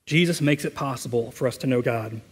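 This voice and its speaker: A man's voice: medium pitch, a little fast, slightly rough. Male pastor preaching in a reverberant hall. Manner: earnest, conversational preaching with scripture reading. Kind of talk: sermon. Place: church sanctuary.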